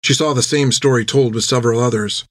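A man reading a story aloud in steady, even narration on a close microphone. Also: mid-range voice, fast, dry recording. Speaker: audiobook narrator.

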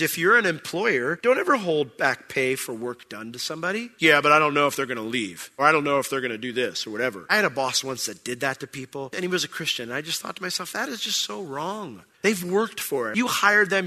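A man's voice: fairly high pitch, bright, forceful tone. A man preaching a conversational sermon, who explains verses and acts out quoted voices. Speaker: pastor.

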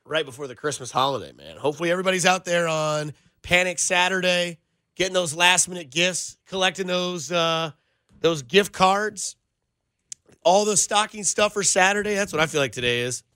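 Energetic, bright-voiced sports radio host man. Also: high-pitched, normal speed, clear, resonant tone, no room sound, studio quality. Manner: energetic, playful. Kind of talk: radio show banter.

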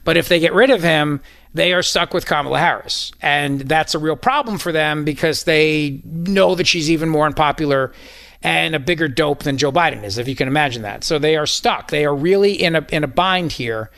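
A man's voice: fairly high pitch, a little fast, gravelly, a bit bright, no echo. A man hosting a talk radio show, joking sarcastically and sounding incredulous in casual studio banter. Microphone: studio microphone.

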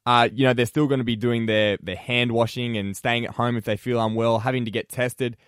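A man's voice: mid-range voice, steady tone, fairly quick, a bit bright, clean tone, no echo, studio quality. A young Australian man hosting a breakfast radio show, chatting casually with lots of fillers and restarts. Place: radio studio.

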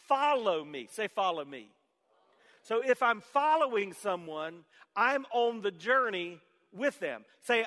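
A male pastor preaching a sermon, dropping to a hush and then rising to shouts, calling on the congregation to repeat his words. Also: very high-pitched, in a large hall. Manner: swings from hushed to shouted emphasis; leads call-and-response with congregation. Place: church sanctuary.

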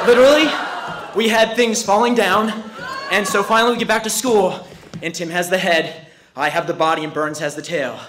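A man's voice: high-pitched, background noise. A man from New Jersey telling a story live, out of breath and laughing through it. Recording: echoey room.

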